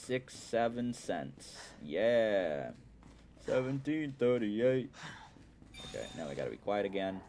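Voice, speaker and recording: Deep-voiced man narrating his gameplay. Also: takes it slowly. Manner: chatty, explaining strategy with playful asides. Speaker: gaming streamer. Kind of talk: casual game commentary. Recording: steady background noise.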